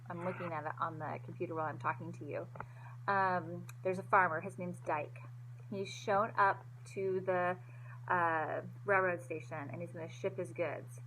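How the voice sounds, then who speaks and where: A woman's voice: lowish voice, a bit bright, slight background noise, poor audio. A woman teacher giving a recorded online history lecture, casual and rambling with many fillers, into a computer mic.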